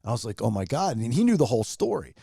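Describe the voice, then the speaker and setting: A man's voice: medium pitch, big pitch swings, fast, creaky, mellow, slightly rough, no room sound, studio quality. A man who is a radio personality, a guest on a podcast, telling a heartfelt personal story in a rambling, emotional way with many restarts. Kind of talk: casual storytelling chat.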